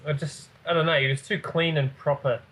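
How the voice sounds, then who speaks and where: A man co-hosting a podcast in casual chat, speaking in a measured, plain way. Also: fairly high pitch, fairly even intonation, a bit bright, rough recording. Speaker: podcast co-host.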